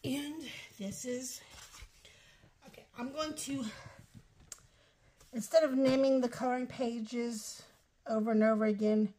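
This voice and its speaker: A woman's voice: fairly high pitch, little pitch movement, unhurried, long pauses, mellow, slight background noise. A middle-aged woman from Ohio gives a casual, rambling show-and-tell of her craft project, with apologetic asides. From Ohio, USA. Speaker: craft vlogger.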